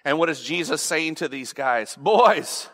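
A man preaches with a bright, forceful voice that sits a little high. His delivery is casual and emphatic, full of rhetorical questions. A long reverb hangs on his words, as if he is speaking in a church sanctuary. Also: normal speed. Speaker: pastor. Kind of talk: sermon.

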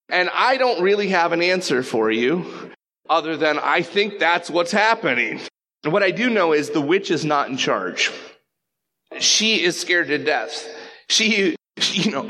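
A pastor preaching a sermon, telling a story in an animated way and slipping into quick voices. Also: male voice, a little high.

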